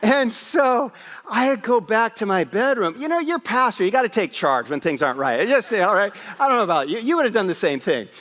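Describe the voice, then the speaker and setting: A man preaching a Christmas Eve sermon as a pastor, telling a lively personal story with asides. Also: high-pitched, a little fast, in a large hall. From West Africa. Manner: animated storyteller, raising his voice for punchlines. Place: church sanctuary.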